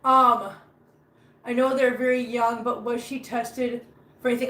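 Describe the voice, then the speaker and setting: A woman's voice: a little high, level tone, takes it slowly, pauses often, pushed and bright. A middle-aged woman chatting casually on a live stream from her home floor, rambling with many fillers and restarts. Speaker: cat rescuer streaming live. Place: home, sitting on the floor among cats. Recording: roomy home recording, faint background hum.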